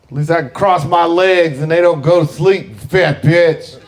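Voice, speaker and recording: A man's voice: fairly high pitch, a little slow. A man from the South, doing a stand-up comedy set with a brash, profane, punchy delivery. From American South. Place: live comedy venue with audience.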